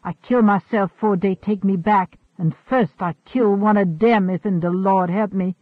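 Male reader playing a raspy runaway young woman, defiant, high, tinny radio sound. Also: steady tone, measured pace, dry recording. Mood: desperate. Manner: defiant, desperate.

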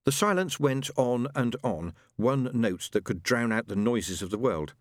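A man narrating a novel as an audiobook with expressive, dramatic storytelling. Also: medium pitch, measured pace, no room sound, studio quality.

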